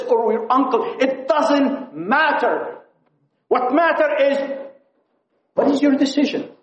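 A man preaching a sermon at a conference, pleading and impassioned, swinging from loud appeals to hushed tones. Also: very high voice. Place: conference hall. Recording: echoey, dull lo-fi hall recording.

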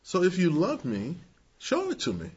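A man putting on the voice of a seductive woman who pleads sweetly and softly. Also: high voice, huge pitch swings, normal speed, breathy edge, highs cut off, pitched above the performer's own voice, full character voice. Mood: pleading. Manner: soft, wheedling, sweetly pleading.

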